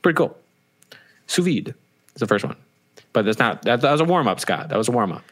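A man's voice: mid-range voice, very animated, a little fast, fairly bright tone. A man co-hosting a casual podcast, rambling and joking and swearing freely. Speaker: podcast co-host.

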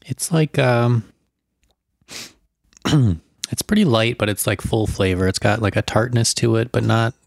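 A man's voice: lowish voice, vocal fry, no room sound, studio quality. A young man co-hosting a podcast, laid-back and hesitant, often trailing off. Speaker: podcast co-host. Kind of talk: casual chat.

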